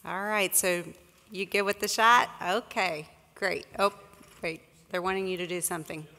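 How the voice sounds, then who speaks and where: A woman's voice: fairly low pitch, fairly even intonation, normal speed, bright, forceful tone, a little hiss or hum. A woman on stage presenting certificates at a conference, calling out names one by one with a few slips and restarts. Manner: calls out names and sites, some slips and restarts. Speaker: awards presenter. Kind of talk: slow announcing of names at a conference. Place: large conference hall with an audience. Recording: distant echoey hall, crowd murmur.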